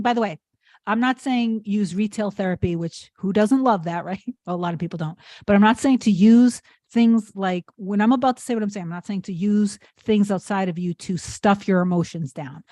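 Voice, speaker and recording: A woman coach speaks straight to her viewers in an earnest, encouraging way. She rambles through fillers and restarts as she goes. Her voice sits at an ordinary middle pitch in a dry, close recording with no room sound. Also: a little mellow, no room sound. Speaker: manifestation coach. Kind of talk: casual advice talk to viewers.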